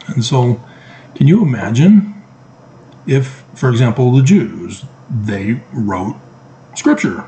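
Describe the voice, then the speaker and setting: A man's voice: mid-range voice, expressive, slow pace, pauses often, warm tone, a little hiss or hum, rough recording. A middle-aged man talking to camera in a casual monologue, emphatic and sarcastic, throwing out rhetorical questions. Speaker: vlogger.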